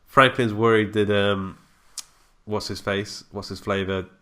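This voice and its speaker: Low-voiced man chatting casually. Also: a little slow. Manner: relaxed, rambling, laughs often. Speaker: podcast co-host. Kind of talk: casual film chat.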